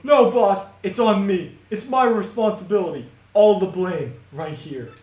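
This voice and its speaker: A man's voice: high-pitched, unhurried, darkish tone. A man voicing a loyal young male Pianta henchman with earnest, tough-guy gangster talk. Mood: remorseful. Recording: echoey room, music behind.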